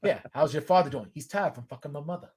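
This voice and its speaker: A man's voice: on the high side, quick pace, darkish tone, breathy edge, pitched below the performer's own voice. A man putting on a heavy Boston accent to play a brash, crude Boston tough guy from film scenes. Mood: taunting. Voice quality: thick put-on accent, mocking and crude. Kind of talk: film quote impression on a podcast.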